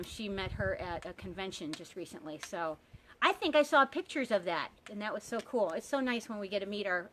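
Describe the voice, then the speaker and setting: A woman's voice: mid-range voice, a bit bright, a little hiss or hum. A woman teaching a live hula hoop workshop outdoors by a pond, chatty and encouraging.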